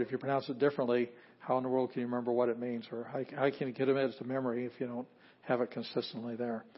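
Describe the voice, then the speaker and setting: A man giving an informal lesson on Greek pronunciation, relaxed and self-correcting, repeating words slowly to demonstrate them. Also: medium pitch, lo-fi sound. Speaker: Greek teacher. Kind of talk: informal classroom lecture.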